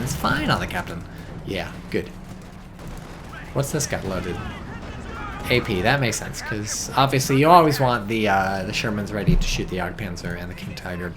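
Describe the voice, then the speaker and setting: A man giving casual, excitable commentary on a strategy game, swearing and reading chat aloud. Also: medium pitch, noisy background. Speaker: game caster.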